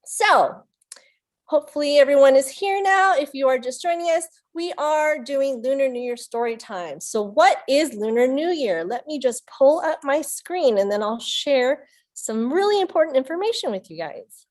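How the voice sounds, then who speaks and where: A woman's voice: high-pitched, animated, normal speed, darkish tone. A young woman, a youth librarian, hosting a virtual children's story time in an upbeat manner, speaking to young kids over a computer mic.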